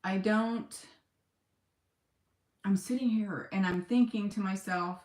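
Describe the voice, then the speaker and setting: A woman talking in a personal video diary, on the edge of tears, halting and emotional, with sighs and pauses. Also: medium pitch, steady tone, darkish tone, echoey room. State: close to tears. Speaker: vlogger.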